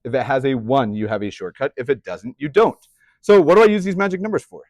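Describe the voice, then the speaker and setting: A man's voice: medium pitch, fast talker, no room sound, clean studio sound. A young man teaching a math class, chatty, often putting questions to the students. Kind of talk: classroom lecture.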